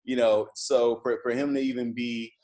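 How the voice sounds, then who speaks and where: A man's voice: medium pitch, little pitch movement, normal speed, crowd noise. A man talking as a guest on a podcast, a coach speaking casually with many restarts and fillers. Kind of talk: casual interview chat.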